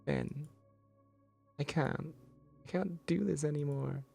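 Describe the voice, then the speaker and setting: A man's voice: on the low side, animated, moderate pace, vocal fry, husky, faint music behind, voice pushed up, heavily acted. A man voicing a volatile young woman who shrilly pleads and then accuses, reading a visual novel game aloud. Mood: furious.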